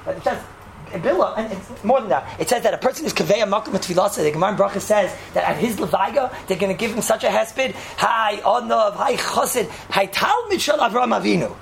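Fast, gravelly woman telling stories. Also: slight background noise. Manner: animated storyteller, sprinkles Hebrew and Yiddish terms; jumps to high pitch when acting out story lines. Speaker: seminary teacher. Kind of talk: casual Torah talk with stories.

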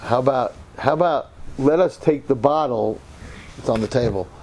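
A man in his sixties from New York telling a story in a sermon, with dramatic swings from hushed murmurs to loud outbursts. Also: medium pitch, moderate pace, slight background noise. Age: 60s. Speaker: religious teacher.

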